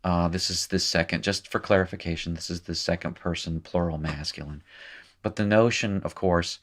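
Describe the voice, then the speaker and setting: A man's voice: low-pitched, fairly even intonation, moderate pace, fairly bright tone. A man teaching a recorded lesson in a casual way, thinking aloud with fillers and small self-corrections. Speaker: language teacher. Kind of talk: recorded lecture at a whiteboard.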